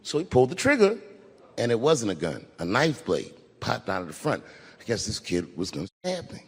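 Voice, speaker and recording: A middle-aged man doing stand-up comedy, telling stories in a profane, animated way and acting out other people's voices. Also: medium pitch, fairly quick. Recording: live stage recording with long hall reverb.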